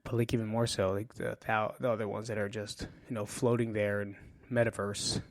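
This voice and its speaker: A man's voice: lowish voice, level tone, a little fast, no echo, studio quality. A man hosting a podcast, speaking frankly in a casual, personal monologue about his grief. He swears often and often trails off and restarts his sentences. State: grieving. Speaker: podcast host.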